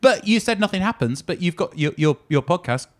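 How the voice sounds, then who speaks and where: A man's voice: sits high, lively intonation, brisk. Wry male podcast host. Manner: wry, dry jokes. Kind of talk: casual chat.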